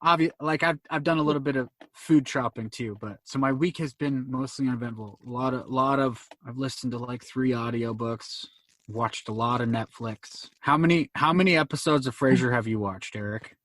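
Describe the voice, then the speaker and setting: Guy chatting on a podcast, average pitch, laid back, lots of ums and repeats. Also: fairly bright tone. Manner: easygoing, halting with fillers and repeats. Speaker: podcast co-host. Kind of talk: casual chat.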